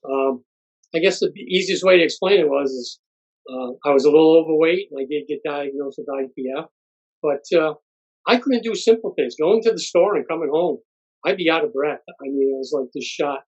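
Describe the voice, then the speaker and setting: A husky-voiced man in his sixties speaks in a plain, halting way, stopping often on fillers as he gives thanks. His voice sits a bit high for a man, and the recording is muffled and lo-fi. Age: 60s. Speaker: honoree. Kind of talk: thank-you speech.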